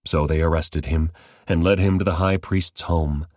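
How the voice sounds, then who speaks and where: A man reading a Bible passage aloud as measured, scripted narration. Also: low voice, steady tone, a little mellow, no room sound, studio quality. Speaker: Bible reader.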